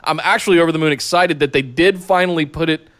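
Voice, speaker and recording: A laid-back man in casual podcast chat, with a slightly high voice. He talks things through in a measured way and lets his sentences trail off low. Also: a bit bright. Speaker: podcast co-host.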